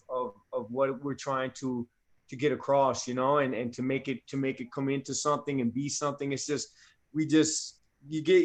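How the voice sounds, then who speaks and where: A man from New Jersey with a New Jersey accent, an actor guest chatting casually and peppering his talk with "man" and "you know.". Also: medium pitch. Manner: easygoing, fills speech with "man" and "you know". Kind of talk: casual chat.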